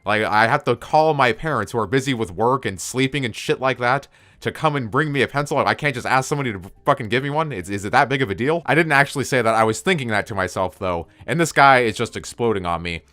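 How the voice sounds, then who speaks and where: A man's voice: mid-range voice, expressive, fast talker, pushed and bright, no room sound. A young man casually telling a story from his school days, rambling off on tangents and cursing freely. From United States. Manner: rambling, digressive, swears a lot.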